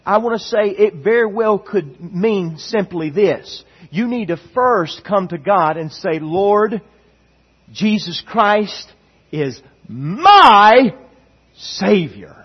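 Guy preaching, husky and a bit high, punchy repeats, muffled lo-fi church tape. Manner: emphatic preaching with repetitions, reads scripture aloud. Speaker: pastor. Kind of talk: sermon. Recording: dull lo-fi church recording.

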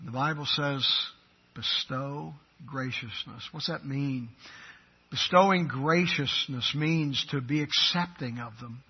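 A man preaching a sermon as pastor, swinging from loud, emphatic declarations to quiet, intimate asides. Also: mid-range voice, takes it slowly, slightly rough, highs cut off.

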